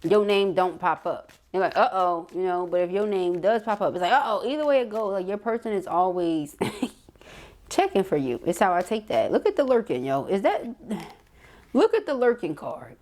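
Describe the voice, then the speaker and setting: A middle-aged woman giving a casual, slangy tarot reading to camera, chatty and quick to laugh. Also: on the low side, big pitch swings, darkish tone. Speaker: tarot reader.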